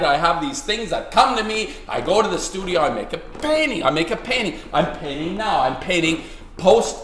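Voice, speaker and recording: A man's voice: sits high, very animated, moderate pace, a bit bright. A man delivering an angry, profane, rambling rant as a video blogger and artist. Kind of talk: angry ranting commentary. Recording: roomy room echo, faint hiss.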